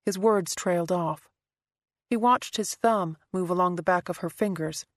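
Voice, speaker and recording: Woman narrating an audiobook, low and dry. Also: fairly even intonation, normal speed, no room sound. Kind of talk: scripted narration.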